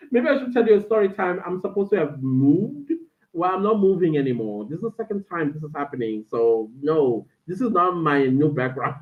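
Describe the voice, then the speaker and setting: A woman's voice: sits low, expressive, normal speed. A woman with a South African accent hosts a casual live stream, talking animatedly to her viewers and reading out chat comments from indoors. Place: friend's indoor den at home. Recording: tinny, phone-like stream audio.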